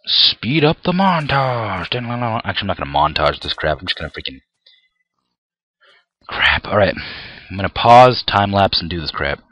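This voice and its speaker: Animated young man ranting over gameplay. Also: low voice, normal speed, dry recording, dull audio. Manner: frustrated, ranting at the game, swears mildly. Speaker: gameplay video creator. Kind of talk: gameplay commentary.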